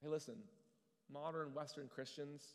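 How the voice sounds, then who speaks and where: A man's voice: on the high side, level tone, moderate pace, big-room sound. A male pastor giving an earnest, conversational sermon, restarting words now and then.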